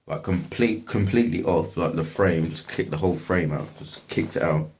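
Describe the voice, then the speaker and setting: A man's voice: deep voice, moderate pace, darkish tone, slight background noise. A young man casually telling a story from his life, slangy and swearing often. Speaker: vlogger.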